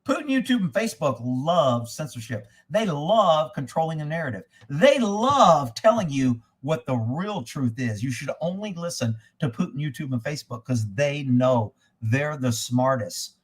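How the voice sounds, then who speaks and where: A man's voice: fairly high pitch, expressive, normal speed, few pauses, husky. A man hosting a casual commentary stream, reading viewer comments and answering them in a blunt, profane, opinionated way.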